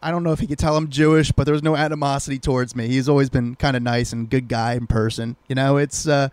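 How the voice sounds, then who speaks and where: A man co-hosting a podcast, telling stories in an animated, teasing way. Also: mid-range voice, fast, smooth, no echo. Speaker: podcast co-host. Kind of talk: casual chat.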